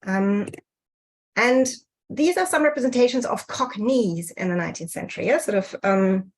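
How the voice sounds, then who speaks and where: A woman presents slides in an online talk, heard through a video call. She speaks at a middling pitch and hesitates often, filling gaps with ums and starting phrases over. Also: expressive, normal speed, slight background noise, poor audio. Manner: hesitant, many fillers and restarts. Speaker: speaker presenting on dialect history.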